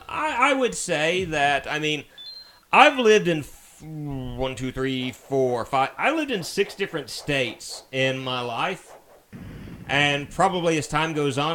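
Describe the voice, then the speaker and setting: A man's voice: a little high, a bit bright. Chatty man with a mild Southern accent. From Alabama, US. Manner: chatty and rambling, easy-going. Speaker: game streamer. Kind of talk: casual live-stream chat while playing.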